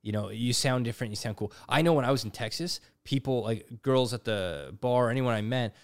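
A man with a Canadian accent hosting a casual podcast chat, joking and animated, quick to laugh. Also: medium pitch, smooth, no echo, studio quality. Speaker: podcast host.

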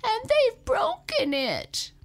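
A woman voicing a tiny, upset baby bear cub in a storybook reading, with a high, squeaky, crying voice. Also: huge pitch swings, takes it slowly, full character voice.

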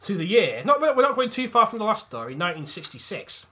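A man's voice: high voice, big pitch swings, fast, crowd noise. A man co-hosting a podcast in casual chat, joking and laughing as he reads a spooky story. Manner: jokey, laughing, slips into silly put-on voices. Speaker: podcast co-host.

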